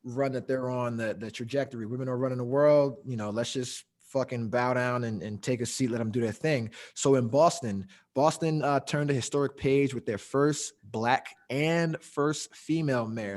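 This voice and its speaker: A man's voice: mid-range voice, moderate pace, darkish tone. A young adult man hosting a casual podcast, telling loose, profane stories with frequent laughs. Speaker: podcast host.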